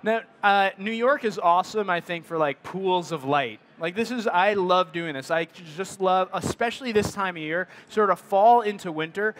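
Chatty man with a high voice. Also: normal speed, few pauses, a bit bright. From United States. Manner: rambling, many fillers and restarts. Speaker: photographer giving a presentation. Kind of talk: casual talk to an audience.

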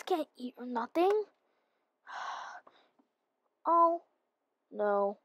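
A woman's voice: high voice, takes it slowly, pauses often. A woman playing through a game role-play, exasperated and sighing often. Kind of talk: casual role-play narration.

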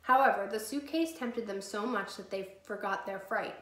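A woman teacher reading a chapter book aloud to her class in a clear, steady storytelling voice. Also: mid-range voice, normal speed. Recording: echoey room.

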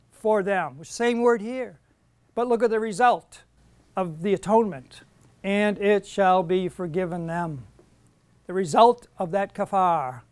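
Middle-aged male Bible teacher, higher voice, earnest lecture, dry studio sound. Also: smooth, no echo. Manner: earnest, emphatic on quoted verses.

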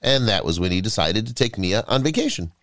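A man reading a scripted story aloud, with expressive, dramatic delivery. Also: lowish voice, fairly quick, no echo, clean studio sound. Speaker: narrator. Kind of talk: scripted narration.

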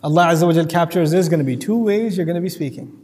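A man giving a lively Quran commentary lecture, acting out voices and quoting Arabic verses. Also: fairly high pitch, fast, big-room sound. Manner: animated, acts out voices and quotes Arabic verses. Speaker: Quran teacher.

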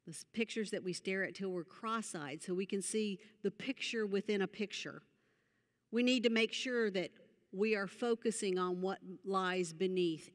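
A woman preaching a sermon in church, earnest, rising for emphasis and then dropping low and soft. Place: church hall. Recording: long hall reverb.

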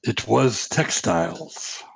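Player, male, slow and gravelly, halting in-character delivery. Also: lowish voice, very animated, dry recording. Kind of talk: tabletop role-play, in-character talk.

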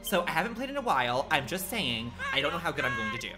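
A man's voice: on the high side, big pitch swings, fast, loud music behind the voice. A man livestreaming a game, rambling and swearing freely with many filler words. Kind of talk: casual gaming livestream chat.

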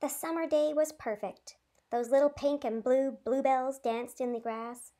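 High-pitched female teacher narrating a storybook with lively expression. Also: measured pace. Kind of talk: reading a story aloud.

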